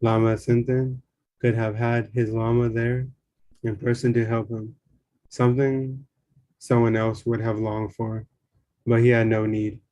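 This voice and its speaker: A man reading a spiritual memoir aloud in a calm, measured way. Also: medium pitch. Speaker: reader.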